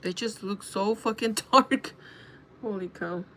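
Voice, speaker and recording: A woman's voice: mid-range voice, unhurried, a bit bright, slight background noise. Chatty young woman livestreaming makeup. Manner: rambling, filler-heavy storytelling. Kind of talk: casual chat while doing makeup.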